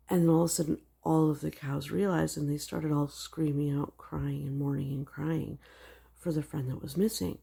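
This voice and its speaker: A woman's voice: low voice, fairly even intonation, moderate pace, gravelly, dark tone, breathy edge. A woman casually retelling her dreams in a religious vlog, rambling with lots of "like" fillers. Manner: rambling storytelling with many "like" fillers. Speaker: video blogger sharing dreams.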